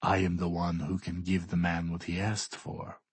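A man's voice: low-pitched, monotone, normal speed, breathy edge, dry recording. A man voicing a cold, arrogant Russian man who talks in a sneering, dismissive way. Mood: contemptuous.

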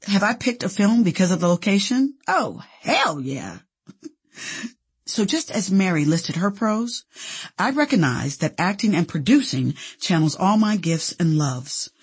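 A woman's voice: medium pitch, animated, unhurried, husky. A woman from Indianapolis, an actress, narrating her own memoir in a candid, playful storytelling manner. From Indianapolis, USA.

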